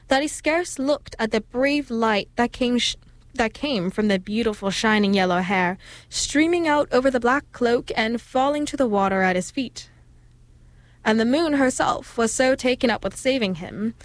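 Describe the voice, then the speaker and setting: A woman's voice: fairly high pitch, no room sound. Woman reading a folk tale aloud. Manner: steady, expressive storytelling. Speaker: storyteller.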